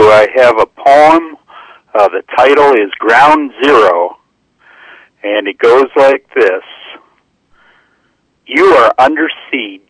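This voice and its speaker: Guy reading his poem slow and careful down a tinny phone line, lots of rise and fall. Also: mid-range voice, a bit bright, no echo. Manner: slow, measured recitation. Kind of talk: poetry reading over the phone.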